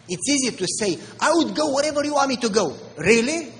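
A man with a Romanian accent, a pastor preaching an animated storytelling sermon with mimicked voices. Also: very high voice, fairly quick, hardly any pauses, long reverb tail, poor audio.

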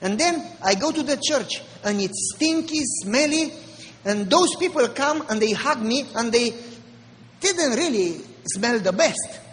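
A man with a Romanian accent, a pastor preaching an animated storytelling sermon with mimicked voices. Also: very high voice, a little slow, in a large hall, slight background noise, poor audio.

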